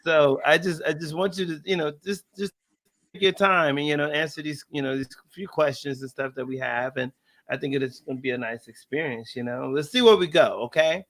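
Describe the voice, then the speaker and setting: A man from Texas hosts a relaxed live interview over a video call. He is talkative and laughs easily, spinning stories with plenty of filler. His voice sits a little high and sounds bright. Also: brisk. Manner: chatty, laughing, storytelling. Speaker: host.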